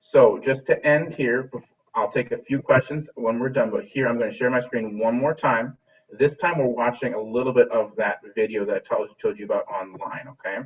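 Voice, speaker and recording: A husky man teaches a music class over a video call and cheers the pupils on, often restarting his sentences. He sits back from the laptop mic, and the dull, lo-fi call audio makes him sound distant. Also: mid-range voice, fairly even intonation, normal speed. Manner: encouraging, repeats and restarts phrases.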